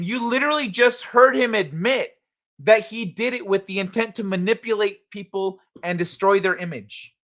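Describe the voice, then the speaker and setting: A man's voice: sits high, moderate pace, a bit bright. A man hosting a casual livestream, reading chat and ranting in a heated, blunt, profane way.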